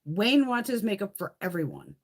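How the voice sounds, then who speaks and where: A woman's voice: mid-range voice, big pitch swings, moderate pace. A woman hosting a casual live makeup stream, chatting in a blunt, profane, ranting way as she swatches products. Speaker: beauty livestream host. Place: home, in Connecticut.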